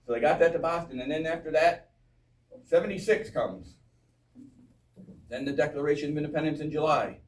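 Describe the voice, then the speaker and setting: A man gives a lively, joking history talk, quizzing his audience in a fairly high voice. He is recorded from far off in an echoey town hall. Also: a little fast, long pauses. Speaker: history speaker. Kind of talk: informal public history talk.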